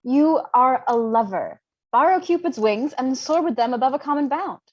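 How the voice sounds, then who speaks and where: A young woman reading the part of Mercutio, a witty, mocking young man, in an unrehearsed livestreamed Shakespeare reading, with brisk and playful delivery. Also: high-pitched, expressive, a little mellow, dull audio. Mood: teasing. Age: young adult. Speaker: volunteer reader.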